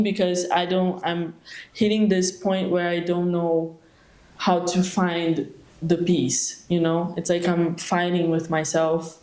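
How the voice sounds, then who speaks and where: Young woman asking a question at a retreat q&a, lowish voice, halting, lots of ums and restarts, echoey room. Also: little pitch movement, mellow. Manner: hesitant, searching, many fillers and restarts. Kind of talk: question at a monastery Q&A. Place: meditation hall at a retreat. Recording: echoey hall.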